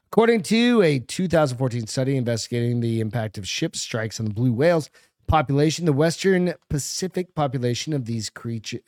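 Male podcast co-host, mid-pitch, blunt and profane, dry close sound. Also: lively intonation, fairly quick, darkish tone, no echo. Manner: blunt and profane, reads news aloud. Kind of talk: casual chat.

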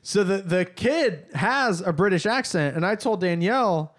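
Animated, fairly high-voiced man chatting. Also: moderate pace. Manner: animated, opinionated storyteller. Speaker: podcast co-host. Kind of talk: casual chat.

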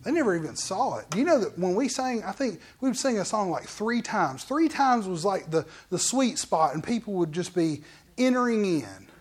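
A man pastor preaching a sermon in an animated, conversational way, full of asides to the congregation. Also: high-pitched, normal speed, slightly rough. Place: church.

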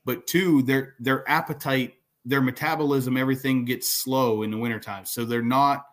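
A man's voice: medium pitch, steady tone, moderate pace, a bit bright. Rambling man explaining on a podcast. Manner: explains at length, starts sentences with "so". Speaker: podcast co-host. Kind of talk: casual podcast chat.

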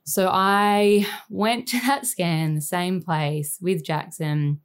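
A woman in her thirties with an Australian accent, telling a painful personal story in a candid, halting and emotional way, full of fillers. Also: lowish voice, fairly even intonation, clear, resonant tone. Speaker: guest sharing a personal story.

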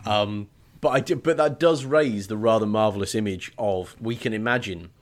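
A man with a fairly low voice and speech co-hosts a relaxed book chat. He is playful and wry, and he often trails into quiet, dry asides. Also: moderate pace. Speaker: podcast co-host. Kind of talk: casual book discussion.

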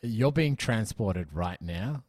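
An Australian man hosting a podcast in casual chat, teasing and quick-witted, setting up comic bits. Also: lowish voice, expressive, darkish tone, no room sound. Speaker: podcast host.

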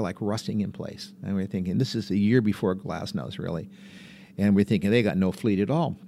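Gravelly older man telling stories. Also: lowish voice, mellow, a little hiss or hum. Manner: rambling, chuckling raconteur. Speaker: veteran skydiver and guest. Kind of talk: casual anecdotal storytelling.

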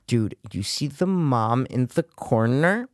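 A man in a casual chat, recapping a film with animated energy and acting out the characters' lines. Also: slow, dry recording, clean studio sound. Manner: animated, acts out quotes with sudden high yelps.

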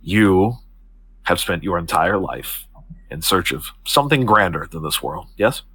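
A poised older woman who heads a secret society, speaking in low, measured, persuasive tones. Her voice is soft and husky with a bright edge, as a man puts her on for a tabletop game. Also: animated, heavily acted. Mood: composed, persuasive.

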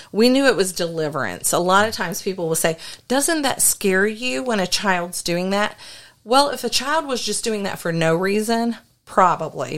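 A woman co-hosting a podcast, earnestly telling a ministry story in a casual, story-driven way. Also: fairly low pitch. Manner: earnest, story-driven, with frequent restarts and fillers. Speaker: podcast co-host and deliverance minister.

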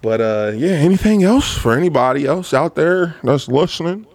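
Lively young man telling stories. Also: on the high side, moderate pace. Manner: animated, acts out coworkers' voices, swears freely. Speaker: podcast co-host. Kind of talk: storytelling in casual chat.

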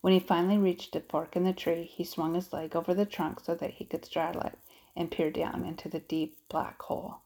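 A woman narrating a children's audiobook in a steady, expressive storytelling manner. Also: lowish voice, gravelly, rough recording.

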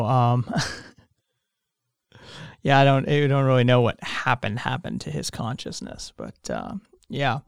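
A man's voice: mid-range voice, big pitch swings, takes it slowly, vocal fry, long pauses, clear, resonant tone, dry recording, clean studio sound. Tired, meandering male podcast host. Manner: meandering, frequent fillers and restarts, swears casually. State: tired, yawning. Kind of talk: casual rambling monologue.

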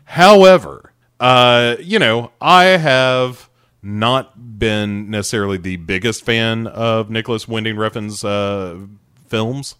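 A man's voice: on the low side, slow, fairly bright tone, clean tone, no echo, clean studio sound. Hesitant man chatting about TV. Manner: hesitant, many fillers and restarts. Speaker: podcast co-host. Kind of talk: casual TV review chat.

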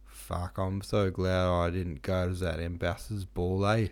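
A man's voice: deep voice, level tone, measured pace. Hippolyte, a man voicing a crude foppish young nobleman. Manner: crude, slangy banter.

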